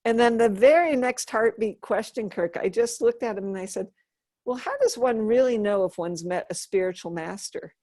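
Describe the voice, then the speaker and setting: Animated woman telling a story. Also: mid-range voice, moderate pace, no room sound. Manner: animated storyteller, acts out quoted dialogue. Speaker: interview guest, Buddhist nun. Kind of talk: storytelling in a relaxed interview.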